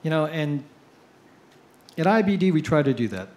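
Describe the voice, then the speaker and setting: A middle-aged man giving an after-dinner speech, telling jokes with punchline pauses. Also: a little high, very animated, darkish tone. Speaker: editorial cartoonist giving a speech. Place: cruise ship event.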